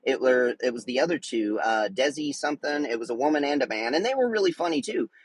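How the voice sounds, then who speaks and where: A man's voice: mid-range voice, lively intonation, fast, slightly rough, rough recording. A man hosting a casual solo sports podcast, talking in an enthusiastic, rambling way with many fillers and restarts.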